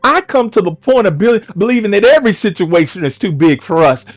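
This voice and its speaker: High-voiced fervent male preacher. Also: expressive, brisk, rough recording. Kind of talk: sermon. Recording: faint music behind.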